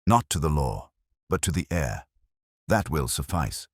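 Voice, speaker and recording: A man reading the lines of an aloof, exacting genius detective in a measured, dryly formal way. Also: extremely low pitch, big pitch swings, no room sound, studio quality, full character voice. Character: stout, aloof male genius detective, older. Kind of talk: audiobook character reading.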